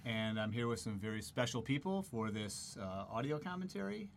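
A man's voice: mid-range voice, expressive, normal speed, gravelly, a little hiss or hum. An American man hosting a casual commentary chat as executive producer, joking and laid-back.

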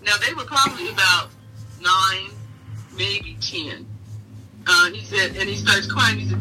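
A middle-aged woman, interviewed as a mother, telling fond family memories in an animated way and laughing often. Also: mid-range voice, normal speed, over music. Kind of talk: casual storytelling in an interview. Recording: voice heard from a distance.

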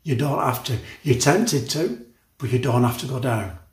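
An older male pastor in his sixties preaches in a church, his voice carrying round a roomy, echoing hall. He speaks with emphatic conviction, stacks up repeated words and false starts, and drifts into chatty asides. His pitch sits squarely in the middle of the range for a man. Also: normal speed, darkish tone. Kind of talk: sermon.

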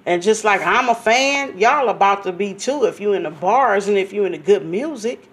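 A radio show host talking excitedly and hyped up with a guest artist and the listeners. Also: medium pitch, moderate pace. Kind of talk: casual radio interview.

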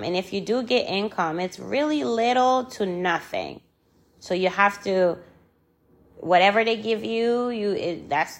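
An angry, frustrated woman speaking her mind in a personal vlog. She talks slowly and deliberately, with a gravelly, creaky edge to her mid-pitched voice. She hammers her points home by repeating phrases and swears freely. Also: fairly bright tone. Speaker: vlogger.

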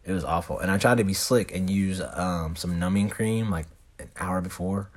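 Young male host, low husky voice, loose slangy storyteller who swears constantly. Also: moderate pace, a little mellow. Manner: heavy swearing, laid-back slangy rambling. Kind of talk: casual storytelling.

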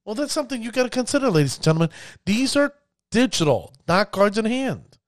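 A man giving casual commentary on card games, addressing his viewers as ladies and gentlemen and acting out players' reactions. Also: high-pitched, sing-song, a little fast, no echo, studio quality. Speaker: card game content creator.

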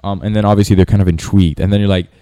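A man's voice: lowish voice, steady tone, very fast, warm tone, clean tone, no echo. A man giving a casual sales tutorial, rambling with many restarts and fillers. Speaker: sales coach. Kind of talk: casual talking-head tutorial.

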